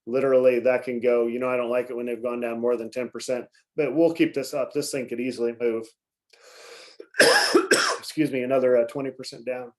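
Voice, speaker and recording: A man hosting a live stock market briefing in casual, rambling speech full of fillers, often clearing his throat and coughing. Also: medium pitch, flat delivery, a little fast, a bit bright. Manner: rambling, many fillers and self-corrections. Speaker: market commentary host.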